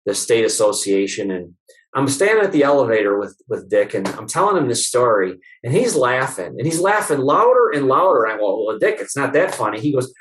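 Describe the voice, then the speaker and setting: A man's voice: medium pitch, brisk, a little hiss or hum. A middle-aged chiropractor being interviewed, telling anecdotes casually, acting out the dialogue he quotes and joking with some mild swearing. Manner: lively anecdotal storyteller, acts out the dialogue he quotes; swears casually and laughs at his own stories. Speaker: chiropractor guest. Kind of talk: casual storytelling in a podcast interview.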